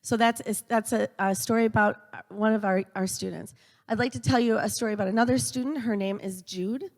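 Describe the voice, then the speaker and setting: A woman's voice: medium pitch, steady tone, a little fast, darkish tone. A middle-aged woman tells stories in an earnest speech at a church gathering, stumbling a little with fillers and restarts. Her mid-range voice hangs in a long church reverb. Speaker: speaker at a church event for a university.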